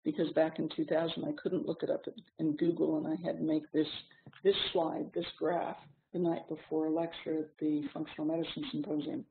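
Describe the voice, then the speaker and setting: A middle-aged woman giving a clinical seminar lecture. She explains in a measured way, with frequent pauses and ums. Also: low voice, level tone. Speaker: seminar instructor. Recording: tinny lo-fi seminar recording with faint hiss.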